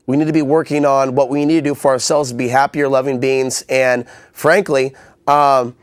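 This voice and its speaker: A man's voice: mid-range voice, level tone, normal speed, clean tone, no room sound, clean studio sound. A man hosting a call-in public access show, talking in a loose, rambling way with many fillers and restarts. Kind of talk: casual call-in talk.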